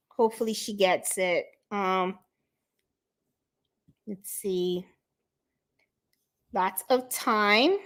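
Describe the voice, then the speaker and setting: A woman's voice: mid-range voice, very slow, pauses often, a bit bright. A woman from Puerto Rico hosting a casual craft livestream, chatting and greeting viewers by name as she reads their comments. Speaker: craft channel host.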